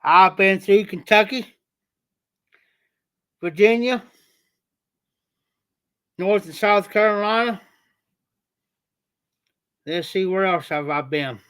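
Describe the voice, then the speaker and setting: A man with a southern Ohio accent chatting casually on a livestream, slow and rambling in a folksy way. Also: high-pitched, a bit bright, clear, resonant tone. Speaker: livestream host.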